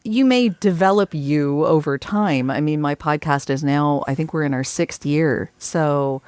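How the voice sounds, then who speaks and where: Low-voiced woman voice actor, laughs readily. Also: a little slow, clear, resonant tone, dry recording. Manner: laughs readily, warm and expressive. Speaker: voice actor and guest co-host. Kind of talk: casual podcast conversation.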